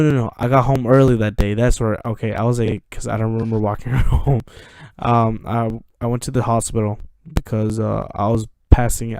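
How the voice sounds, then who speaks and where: Teen dude rambling thru a story, kinda low voice, dry sound. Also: male voice, gravelly, warm tone, no echo. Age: teens. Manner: rambling, full of restarts and fillers. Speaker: podcast co-host. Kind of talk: casual storytelling chat.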